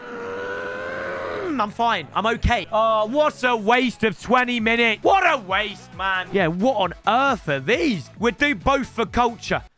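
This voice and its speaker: A young man commentating on his own gameplay, excitable and prone to shouting outbursts, addressing viewers as lads. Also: sits high, unhurried, few pauses, faint music behind. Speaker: gaming YouTuber.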